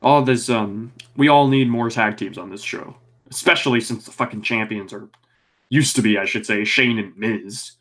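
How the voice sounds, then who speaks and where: A man's voice: on the low side, moderate pace, fairly bright tone. A young man co-hosting a podcast, reviewing wrestling in a casual, rambling way, with lots of ums, restarts and the odd swear. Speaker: podcast co-host.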